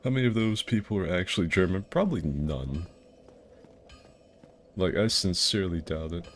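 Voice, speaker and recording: A young man from Florida rambles through casual gameplay commentary, cracking crude jokes as he plays. His voice sits very deep and low. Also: expressive, normal speed, slight background noise. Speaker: gaming video host.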